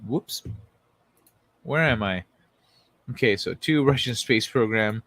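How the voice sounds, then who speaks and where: A man's voice: medium pitch, slow pace, a bit bright, dry recording. A man hosting a casual livestream, reading news articles aloud and joking sarcastically with chat, often swearing and laughing. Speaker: livestream host.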